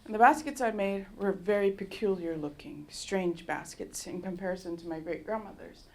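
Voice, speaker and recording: A woman artist from Canada giving a public talk in a university lecture hall, telling stories in a lively, storytelling way and often laughing. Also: mid-range voice, moderate pace. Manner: animated storyteller who laughs often and acts out dialogue.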